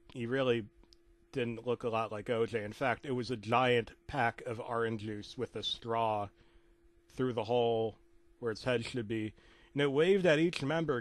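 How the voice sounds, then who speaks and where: Man, comedic creepypasta narration, deadpan rambling asides, stumbling restarts, mid-pitched, dry close sound. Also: measured pace, dry recording.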